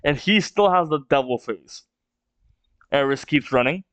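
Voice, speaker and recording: A man reads through a manga chapter for his channel, reacting with excited gasps and exclamations. His voice sits fairly high and he talks slowly. The sound is dry and a bit dull. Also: clear, resonant tone, dry recording. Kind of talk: casual read-along reaction.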